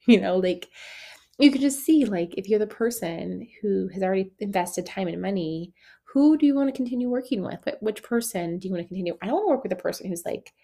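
Speaking briskly in a mid-range, dark-toned voice with lively intonation, this young esthetician coach runs her own podcast. Her talk is casual and full of "like"s, with frequent laughter and acted-out dialogue.

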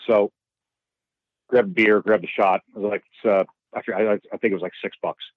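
Fast-talking, profane male bartender. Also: on the low side, dry recording, narrow, tinny audio. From New York. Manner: animated, profane, many restarts. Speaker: bartender and guest. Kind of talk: casual storytelling.

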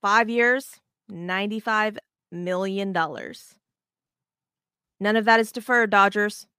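Woman cohosting a baseball podcast, chatty and swears a lot, smooth voice, dry close mic. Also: mid-range voice, slow, no echo. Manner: animated, swears freely, rambling restarts. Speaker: podcast co-host. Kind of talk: casual baseball podcast chat.

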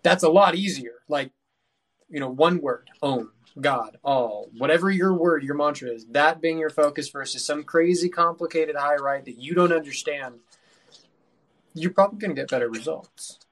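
A man's voice: a little high, normal speed, a bit bright. A man chatting casually on a podcast, rambling and restarting his sentences.

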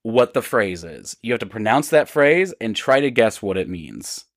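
A man's voice: on the low side, big pitch swings, moderate pace, no echo, studio quality. A man co-hosting a podcast in casual chat, teasing his partner and laughing often. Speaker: podcast co-host.

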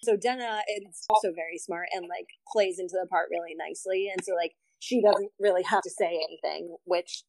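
A woman's voice: lowish voice, fairly even intonation, fairly quick, gravelly, few pauses, darkish tone, no room sound, poor audio. A woman co-hosting a casual book discussion, chatty and leaning heavily on "like" as a filler. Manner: chatty, heavy use of "like" as a filler.

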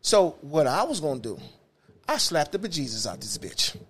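A man's voice: fairly high pitch, moderate pace, husky. A man, a bus driver telling profane stories on a casual podcast and acting out the quotes. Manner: animated, profane, acts out quotes.

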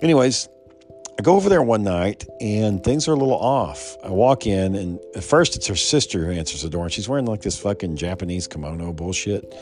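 A man's voice: lowish voice, expressive, brisk, darkish tone, soft background music. A man telling a rambling personal anecdote in casual, heavily profane talk, often restarting his sentences. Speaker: storyteller.

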